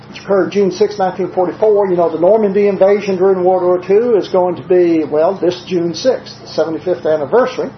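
A preacher with a Southern US accent giving a sermon in a measured, conversational way, slowing down to stress quoted scripture. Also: mid-range voice, a little hiss or hum. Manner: conversational asides with frequent "uh" fillers. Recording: roomy, dull lo-fi recording.

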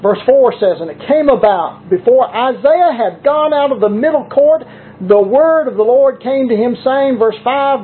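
A preacher giving a deliberate, emphatic sermon and reading scripture passages aloud. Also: medium pitch. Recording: tinny lo-fi recording with faint hiss.

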